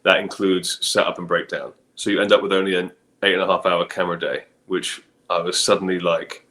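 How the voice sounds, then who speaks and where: Middle-aged male director, very low voice, relaxed and reflective. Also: fairly quick. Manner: relaxed, thoughtful, many ums and you-knows. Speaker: film director guest. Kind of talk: casual interview chat.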